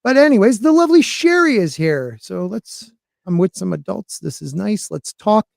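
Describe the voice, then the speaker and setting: Rambling, jokey host from Connecticut. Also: male voice, high-pitched, big pitch swings, normal speed, creaky, darkish tone, dry recording, studio quality. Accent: Connecticut, near New York. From western Connecticut, US. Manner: rambling, jokey, self-deprecating. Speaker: podcast host. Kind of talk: casual live-stream chat.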